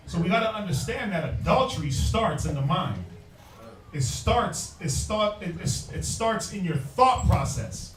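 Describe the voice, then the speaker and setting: A man with a high voice leads a religious group discussion, preaching in a loose, conversational way and quoting scripture as he goes. He sits back from the microphone, so his voice carries the echo of the room. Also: big pitch swings, a little slow, a bit bright. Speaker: group teacher. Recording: roomy sound from a distant mic.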